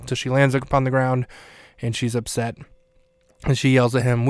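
A man hosting a podcast, recapping a scene in a casual way with wry, deadpan asides. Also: mid-range voice, normal speed, clear, resonant tone, no echo, studio quality. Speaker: podcast host.

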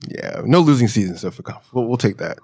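A man from Virginia, a magazine editor guest, telling stories in a relaxed, animated way and laughing often. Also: fairly low pitch, a little fast, vocal fry, slightly rough, no room sound, studio quality. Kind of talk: casual storytelling in an interview.

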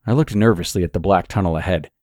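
A man narrating a scripted horror story in a measured, steady way. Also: deep voice, no room sound, studio quality.

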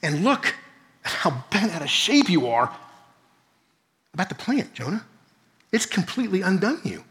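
The voice of God as a patient, pleading figure, a male preacher giving it, slightly raised in pitch and ringing through a hall with long reverb. He presses his case with repeated questions, turning from quiet coaxing to urgent appeal. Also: very animated, normal speed, long pauses. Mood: gentle, patient. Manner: pleading, repetitive, addresses listener by name. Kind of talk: sermon retelling in character.

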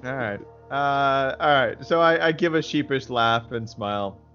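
Thoughtful player on a call. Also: male voice, medium pitch, measured pace, bright, forceful tone, muffled recording, faint music behind. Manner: thoughtful, reasoning aloud. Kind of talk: casual game chat.

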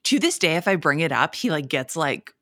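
A woman's voice: low-pitched, big pitch swings, brisk, sharp tone, no room sound, clean studio sound. A woman hosting a podcast, telling stories in a chatty, casual way and swearing freely. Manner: chatty storytelling with frequent swearing. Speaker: podcast host. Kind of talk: casual chat.

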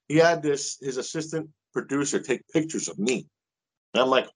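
Middle-aged man, animated storyteller. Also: mid-range voice, moderate pace, slightly rough, poor audio. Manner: animated, lively storyteller who swears casually. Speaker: guest. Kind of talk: casual storytelling in an interview.

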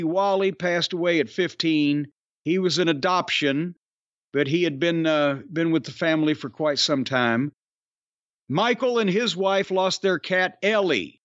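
Guy on a podcast reading listener notes, kinda high voice, bouncy delivery, dry dull sound. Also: dry recording. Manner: wry, offhand, stumbles over names. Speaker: podcast co-host. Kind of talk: casual podcast chat, reading listener tributes.

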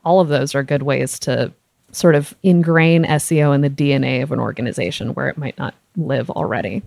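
A woman with a low voice talks through her ideas as a podcast guest. She explains at an even, methodical pace with the odd laugh. The sound is dry and close, with no room in it. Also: a little fast, creaky, no echo. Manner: explanatory, steady, occasional laughs. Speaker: guest, SEO director. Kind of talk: podcast conversation.

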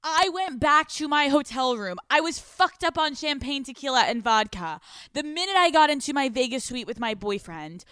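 High, bright-voiced woman telling stories. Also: moderate pace, no room sound. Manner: crude, swearing, animated storyteller. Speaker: podcast host. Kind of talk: casual storytelling chat. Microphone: handheld microphone.

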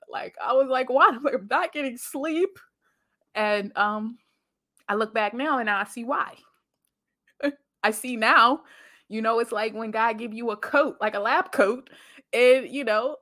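Animated woman podcaster telling stories. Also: a little high, no room sound, studio quality. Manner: animated storyteller, acts out quoted voices, laughs often. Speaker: podcast host. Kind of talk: casual motivational monologue.

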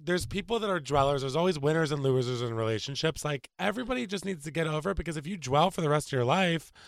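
A man's voice: fairly high pitch, animated, fast, creaky, no room sound. A man chatting on a podcast, chatty and emphatic, handing out advice. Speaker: podcast regular. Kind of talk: casual chat.

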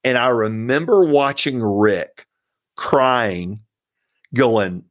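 A man's voice: mid-range voice, expressive, extremely slow, no room sound, clean studio sound. A man, a pastor, telling stories in an earnest, heartfelt way as a podcast guest. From Georgia, US. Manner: earnest storytelling, warm about mentors. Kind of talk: casual interview chat.

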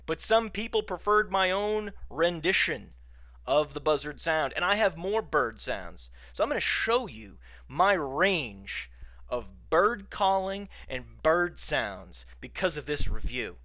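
A podcast host, talking on his own in a casual, mock-outraged way. His voice is very bright and sits a little high for a man. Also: big pitch swings, a little slow, no room sound. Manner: playfully indignant, mock-outraged. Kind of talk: casual solo podcast talk.

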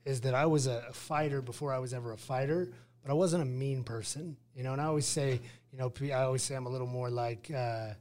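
A man's voice: mid-range voice, quick pace, hardly any pauses. A man in his forties from Utah, a retired fighter telling his story as a guest in a casual interview, acting out the dialogue. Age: 40s. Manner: lively storyteller who acts out dialogue.

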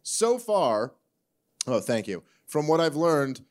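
A man's voice: on the high side, very animated, slow pace, darkish tone. A man hosting a live podcast in front of an audience, joking and sarcastic in loose, rambling banter. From Northeastern US. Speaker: podcast host.

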